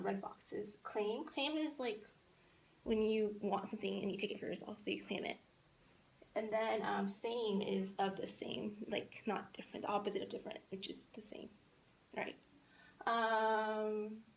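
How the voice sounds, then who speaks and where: Teacher, female, patient and repetitive, spells words aloud, a bit of vocal fry. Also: mid-range voice. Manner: spells words out slowly, repeats for learners. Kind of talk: classroom poetry lesson. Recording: echoey room with faint noise.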